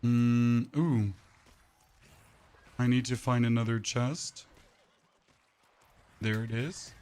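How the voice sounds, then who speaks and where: Here a man streams a game and talks casually to his audience via a voice changer. His medium-pitched voice is steady, very slow, darkish, clear and resonant, and he tends to rant opinionatedly while tripping over his words.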